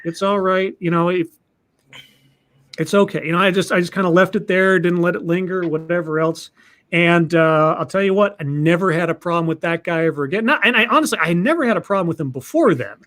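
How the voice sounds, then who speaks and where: A man's voice: sits high, fast talker, fairly bright tone. A man hosting a podcast, telling a story casually, with many restarts and repeated words.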